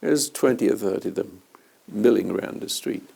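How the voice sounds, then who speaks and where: A man's voice: fairly low pitch, normal speed, vocal fry, warm tone, husky. A man hosting a conversation as a spiritual teacher, telling rambling anecdotes with chuckles along the way. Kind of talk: storytelling in conversation.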